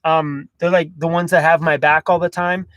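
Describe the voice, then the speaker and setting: Canadian guy, livestream host, higher-pitched, rambling and casual, dry close sound. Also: flat delivery, normal speed, fairly bright tone, dry recording. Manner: chatty, loose, frequent fillers and apologies. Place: inside a camper van.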